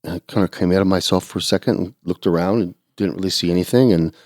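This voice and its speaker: A man telling his recovery story in a casual podcast chat, acting out sounds and quotes and jumping into a high, excited voice. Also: fast, no room sound, clean studio sound. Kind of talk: animated personal storytelling.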